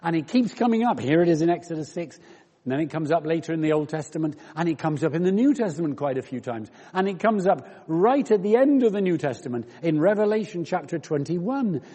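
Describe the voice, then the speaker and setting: A man preaches a conversational sermon, walking his listeners through scripture with rhetorical questions. His voice is mellow and a little husky. It rings out with the long reverb of a church hall. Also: a little high, lively intonation, fairly quick.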